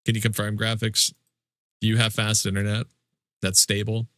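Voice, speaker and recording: A man's voice: on the low side, completely flat delivery, normal speed, fairly bright tone, dry recording, studio quality. A man streaming a game live, chatting casually with viewers in mock-indignant, joking complaints and swearing freely. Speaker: livestreamer. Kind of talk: casual livestream chat with viewers.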